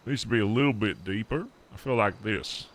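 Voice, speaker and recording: A man's voice: on the low side, moderate pace. A young man streaming, muttering to himself while he tests his voice settings. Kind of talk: casual livestream chat.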